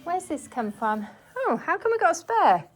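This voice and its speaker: A woman's voice: very high voice, very animated, moderate pace, very noisy. A woman chatting to viewers as she cleans her living room, talking while moving around the room. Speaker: cleaning vlogger. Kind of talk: casual chat while cleaning. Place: living room at home, indoors.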